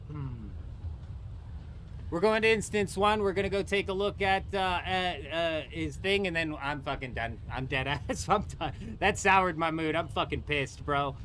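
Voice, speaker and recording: A young man livestreaming a game, ranting in a bright, forceful voice pitched a little high. He swears constantly and vents his frustration at the gameplay. A faint hiss of background noise sits under his voice. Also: unhurried. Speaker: gaming streamer. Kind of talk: live gameplay commentary.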